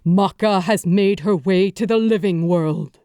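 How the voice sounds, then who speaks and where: A woman's voice: fairly low pitch, unhurried, warm tone, clear, resonant tone, no echo, clean studio sound. A woman reading an audiobook, voicing a grieving male warrior king giving an urgent, rallying speech to his army. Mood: grave resolve.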